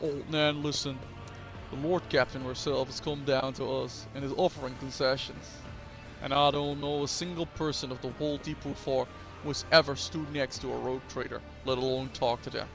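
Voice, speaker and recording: A man's voice: mid-range voice, fairly even intonation, moderate pace, vocal fry, music in the background, lightly acted. A man voicing a brash, pushy worker in a game. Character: tall blunt male dock worker.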